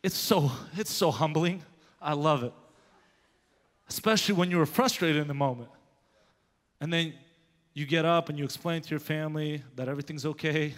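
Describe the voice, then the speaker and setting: A man preaching a sermon in a church, his voice a touch high and ringing with long hall reverb. He tells personal stories in an animated way, swinging from hushed to loud. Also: normal speed, long pauses. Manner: animated, grows loud when telling of anger. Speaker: pastor. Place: church sanctuary.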